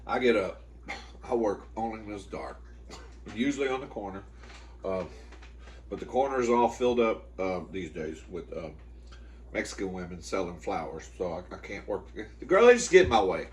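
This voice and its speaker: A man's voice: lively intonation, normal speed. Campy profane man gabbing to camera. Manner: campy, profane, chatty, calls the viewer "girl"; loud high-pitched yelps when quoting himself or scolding dogs. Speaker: comedy mukbang host. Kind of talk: casual storytelling to camera.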